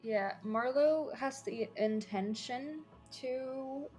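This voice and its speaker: A woman player in a tabletop game, animated and joking. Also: high-pitched, very slow, soft background music. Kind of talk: casual tabletop play.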